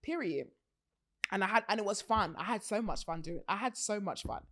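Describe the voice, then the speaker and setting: A young British woman hosting a podcast in casual chat, animated, laughing often and swearing casually. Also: mid-range voice, brisk. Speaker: podcast host.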